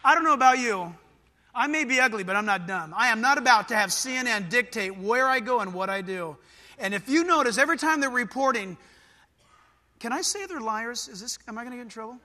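A middle-aged man from Southern California preaching a sermon, animated and conversational, swinging between loud bursts and quiet asides. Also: extremely high pitch, fairly quick, big-room sound. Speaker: pastor.

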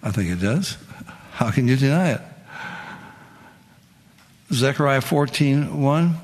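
A man's voice: medium pitch, animated, slow pace, long pauses, big-room sound. A man giving an emphatic Bible lecture, asking his listeners questions and answering them himself. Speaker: Bible teacher. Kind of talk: sermon-style Bible lecture.

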